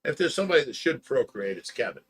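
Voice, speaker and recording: A man's voice: mid-range voice, very animated, fast, husky. A man hosting a livestream, casually telling a long story, rambling with lots of "you know" and "blah blah," and getting heated as he retells an argument. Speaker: livestream host.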